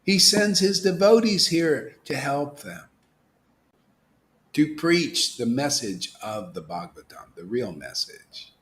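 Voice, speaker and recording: A man giving an informal, animated devotional talk as a spiritual teacher, dropping to whispers and rising to exclamations. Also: on the high side, slow pace. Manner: animated preaching, swings from whispers to loud exclamations.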